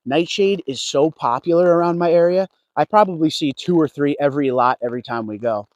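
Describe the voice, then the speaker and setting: A man's voice: a little high, a little fast, no room sound, muffled recording. Chatty man greeting viewers by name. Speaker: car vlogger. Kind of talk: casual livestream walkaround. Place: outdoors at a car dealership lot.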